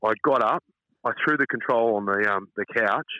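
A middle-aged man with an Australian accent, telling casual stories as an interview guest, animated and calling the listener mate. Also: lowish voice, moderate pace, dry recording. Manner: chatty, animated anecdotes, calls listener mate. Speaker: radio host, interview guest. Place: outdoors at front of his house. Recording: dull lo-fi dry line.

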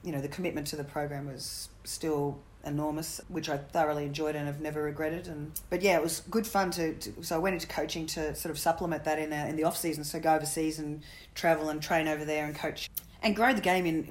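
A woman's voice: sits low, steady tone. A middle-aged woman, a former cricketer, telling jokey stories in a casual interview. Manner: quick, jokey anecdotal storytelling. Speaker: guest, former cricketer and coach.

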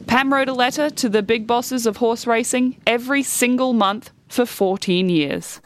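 A woman reading a children's story aloud in a lively way, acting out the characters' lines. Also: medium pitch, normal speed, few pauses, slight background noise.

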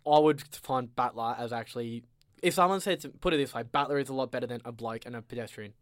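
A young Australian man co-hosting a podcast, talking in a loose, joking, meandering way at a middle pitch. The sound is close and dry, with no room around it. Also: quick pace, no room sound. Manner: laid-back, rambling and joking. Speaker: podcast co-host. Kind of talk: casual podcast banter.

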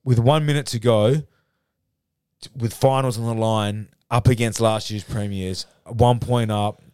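Crisp-voiced Australian man swearing through a story. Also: medium pitch, measured pace, no room sound, studio quality. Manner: swears freely, rambling, animated storytelling. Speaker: podcast co-host. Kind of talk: casual podcast chat. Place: podcast studio.

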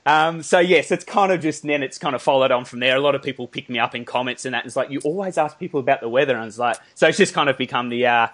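A man's voice: medium pitch, quick pace, few pauses, a bit bright. A man with an Australian accent hosting a podcast, chatty and rambling, laughing often. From Melbourne, Australia. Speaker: podcast host. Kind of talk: casual interview chat.

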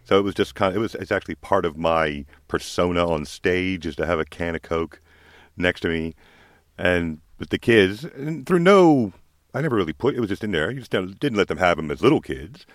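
A man's voice: low-pitched, animated, brisk, no room sound, clean studio sound. An Australian man, a comedian guest, telling wry rambling stories in casual podcast chat. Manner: rambling, wry storytelling with restarts.

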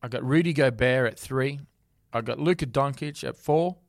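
A man with an ordinary mid-range voice, talking through sports lists on a podcast. He teases his co-host in quick, playful banter. The recording is dry and close. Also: mid-range voice, vocal fry, dry recording. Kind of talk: casual sports chat.

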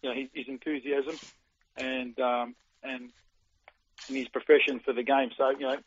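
A man's voice: medium pitch, flat delivery. Australian man on a tinny phone line. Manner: halting, many fillers and restarts. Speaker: former footballer, guest. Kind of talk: casual radio chat.

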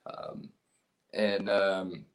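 A man's voice: sits low, level tone, extremely slow. A man from California with a Southern drawl, a punk band guitarist rambling and laughing in a casual podcast chat. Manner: rambling, profane, laughs often.

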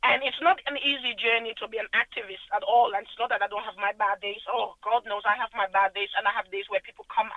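A woman's voice: on the high side, fairly even intonation, fast talker, few pauses, no room sound, dull audio. A woman from Sierra Leone giving earnest personal testimony as a guest in an interview, building her points in rhythmic lists. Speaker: human rights activist guest.

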